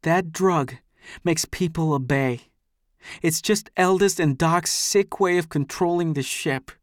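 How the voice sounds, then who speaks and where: A man's voice: on the high side, slow pace, dry recording, studio quality, voice pushed up. A man voicing a distraught, tearful teenage girl who pleads and chokes up. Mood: pleading.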